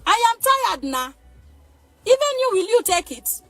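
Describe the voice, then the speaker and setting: Agitated high-voiced Nigerian woman. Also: sing-song, a little slow, sharp tone. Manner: agitated, threatening, pleading. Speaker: mother. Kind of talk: emotional rant to camera. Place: parked car.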